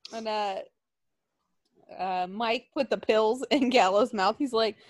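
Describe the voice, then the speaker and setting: A woman co-hosting a casual chat show, telling stories in an animated way and acting out what people said. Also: on the high side, takes it slowly, no echo. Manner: animated storytelling, acting out quotes with laughs. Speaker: podcast co-host.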